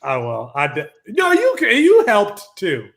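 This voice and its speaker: A man hosting a casual podcast with friends sounds a little tipsy. He teases the others in a loose, chatty way, and his voice sits slightly higher than average. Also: wildly swooping pitch, measured pace, creaky. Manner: teasing, chatty. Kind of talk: casual group chat.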